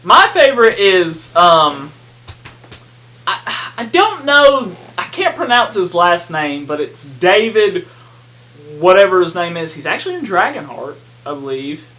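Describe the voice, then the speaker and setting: A high-pitched, sharp-toned man co-hosts a podcast, talking casually about a film at a measured pace. He is very animated, rambling along with plenty of fillers and laughter.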